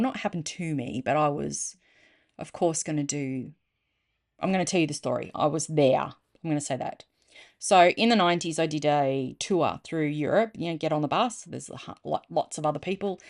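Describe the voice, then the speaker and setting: A middle-aged Australian woman reads and retells short stories in a relaxed, chatty way. She keeps wandering off to explain local words. Her voice sits low, with a gravelly, fry-touched edge and a dry sense of humour. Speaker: storyteller. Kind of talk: casual storytelling reading.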